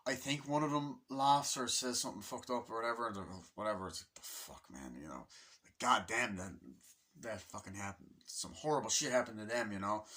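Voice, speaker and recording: A young man giving a casual, rambling movie review, swearing often and filling pauses with ums. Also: lowish voice, sharp tone. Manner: rambling and profane, full of fillers.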